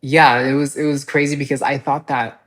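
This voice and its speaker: A woman guest telling personal stories in casual podcast chat, animated and full of "like" fillers. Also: extremely low pitch. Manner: animated, fast storytelling with many "like" fillers.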